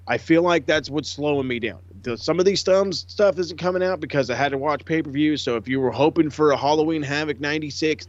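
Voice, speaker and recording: A man co-hosting a casual podcast, swearing freely and talking excitedly. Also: fairly high pitch, dry recording, highs cut off. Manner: profane, excitable, laughs a lot. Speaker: podcast co-host.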